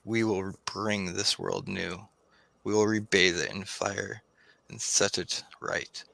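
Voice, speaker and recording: A man's voice: deep voice, flat delivery, slow pace, gravelly, bright, forceful tone, no room sound, full character voice. A man voicing a fanatical fire-winged figure who speaks in a menacing, grandiose way.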